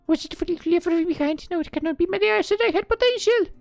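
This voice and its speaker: A woman's voice: very high-pitched, quick pace, vocal fry, darkish tone, no room sound, faint music behind, pitched above the performer's own voice. A woman voicing an anxious young princess who is turning into a fairy, speaking in an earnest, fretful, questioning way. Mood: doubtful.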